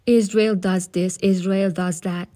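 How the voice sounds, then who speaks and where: A woman's voice: on the high side, normal speed, natural voice. Woman reading as a scornful lecturing father. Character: blustering opinionated middle-aged immigrant father.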